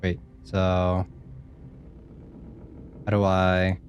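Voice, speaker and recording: A man's voice: sits low, completely flat delivery, very slow, muffled recording, a little hiss or hum. A man casually commenting while he plays a horror game, wry and reading prompts aloud. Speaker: streamer playing a game. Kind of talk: casual let's-play commentary.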